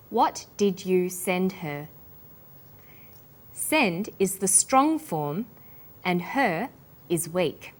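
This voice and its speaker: An Australian woman hosts an English lesson in a scripted, teacherly delivery. She speaks at a deliberately slow pace, spelling out each sound with careful precision at a middle pitch. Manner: slow, careful, clearly enunciated.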